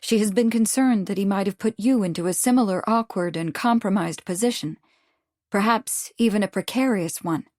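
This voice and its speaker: A woman reading a calm, quiet noblewoman. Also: medium pitch, lightly acted. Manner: quiet and measured. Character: composed aristocratic Victorian lady, calm and direct.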